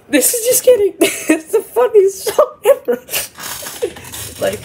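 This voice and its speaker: A woman's voice: extremely high pitch, big pitch swings, measured pace, slight background noise. A woman giving casual, exasperated reaction commentary, laughing and swearing freely. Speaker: video reactor.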